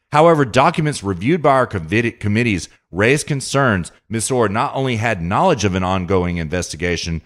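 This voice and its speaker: A man's voice: on the low side, fairly bright tone. A man hosting a podcast, reading news aloud and commenting emphatically in a political monologue, speaking straight to his listener. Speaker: podcast host.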